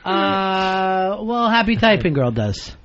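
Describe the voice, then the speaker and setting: A man's voice: high voice, very animated, slow, a bit bright, slight background noise. A man hosting a talk radio show, teasing guests and taking calls with sarcastic banter. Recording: dull lo-fi archived radio broadcast.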